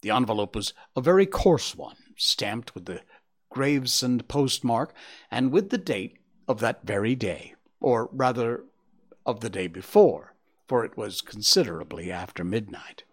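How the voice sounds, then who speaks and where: Man reading an old detective story, first person, lively tone. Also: mid-range voice, measured pace. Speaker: audiobook narrator. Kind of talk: first-person audiobook narration of classic fiction.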